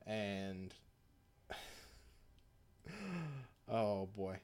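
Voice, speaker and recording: A man's voice: lowish voice, very animated, very slow, darkish tone. A man retelling an episode in casual chat, rambling, swearing and laughing often.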